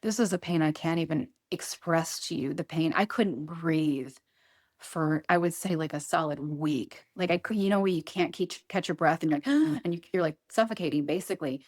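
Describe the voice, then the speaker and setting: A woman's voice: low voice, moderate pace. A middle-aged woman speaking earnestly as an interview guest, often repeating herself and quoting her own thoughts. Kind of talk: emotional interview conversation.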